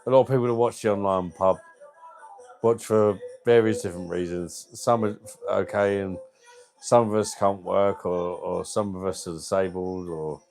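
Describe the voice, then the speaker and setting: A man's voice: deep voice, darkish tone. A man hosting a casual livestream, chatting with viewers in a matey, open and sometimes emotional way. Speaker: livestream host.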